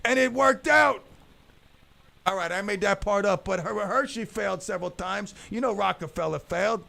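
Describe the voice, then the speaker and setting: A man's voice: sits high, moderate pace, vocal fry, sharp tone. A man in his fifties hosting a radio talk show, joking and rambling through stories with lots of restarts, into a studio microphone. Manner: jokey, rambling storyteller with many restarts. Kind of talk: casual talk radio banter.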